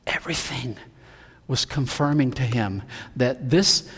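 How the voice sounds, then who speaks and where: Dramatic preacher in an echoing hall. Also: male voice, medium pitch, animated, measured pace, slightly rough. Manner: dramatic, acts out the Bible figures' speech, swings between soft and loud. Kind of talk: sermon.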